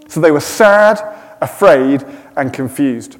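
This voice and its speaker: A middle-aged man giving a sermon, with gentle self-deprecating humour. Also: on the high side, animated, slow pace, in a large hall. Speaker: preacher. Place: church.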